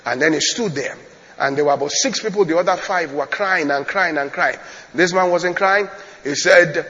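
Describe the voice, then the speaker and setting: A male pastor with a fairly high voice preaches a storytelling sermon. He repeats his phrases and keeps checking on his listeners. The sound is dull and hangs in a long hall reverb. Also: normal speed, fairly bright tone.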